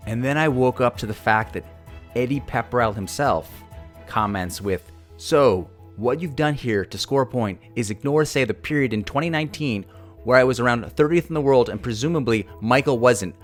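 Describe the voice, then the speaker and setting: A man with a mid-pitched voice narrates a feud with sarcastic, mock-dramatic flair, reading other people's posts aloud as he goes. He sounds like a channel host telling his own story, with soft music faintly underneath. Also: moderate pace.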